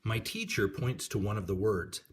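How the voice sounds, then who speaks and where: A man calmly reading a children's picture book aloud. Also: fairly low pitch, normal speed, a little hiss or hum.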